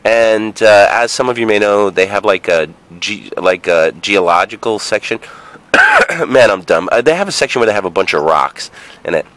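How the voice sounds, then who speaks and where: A man's voice: on the low side, big pitch swings, moderate pace, a bit bright. A man in his forties telling a childhood story in a rambling, profane way, full of fillers and asides. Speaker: vlogger. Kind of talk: casual storytelling monologue.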